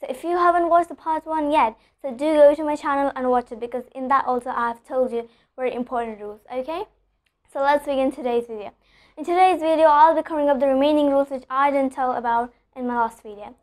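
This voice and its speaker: High-voiced woman teaching pronunciation. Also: fairly even intonation. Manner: explanatory, repeats with "okay?", slows down for example sentences. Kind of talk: online English lesson.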